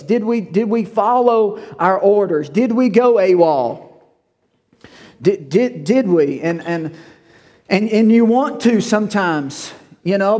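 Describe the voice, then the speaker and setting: A middle-aged man preaches to his congregation in a high voice. He tells folksy stories, laughs often, and sometimes breaks into shouted drill calls. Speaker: pastor. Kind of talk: sermon.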